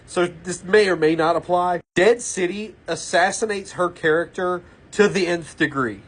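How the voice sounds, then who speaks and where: A man's voice: fairly high pitch, slightly rough. A man giving blunt, opinionated casual commentary about a TV series, ranting with exasperation.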